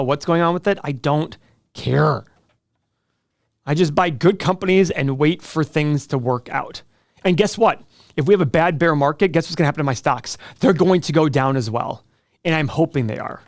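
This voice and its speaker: Middle-aged male host, slightly high voice, dry close sound, joking and self-mocking. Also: vocal fry, dry recording. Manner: joking, self-deprecating, quick asides. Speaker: show host answering viewer questions. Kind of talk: casual livestream chat.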